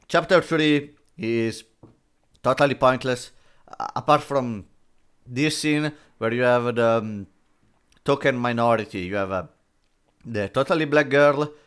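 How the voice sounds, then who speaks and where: A man's voice: mid-range voice, fairly bright tone, clean tone. A man giving mocking, dismissive commentary on a comic, full of fillers and restarts. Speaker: comic reviewer. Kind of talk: sarcastic commentary.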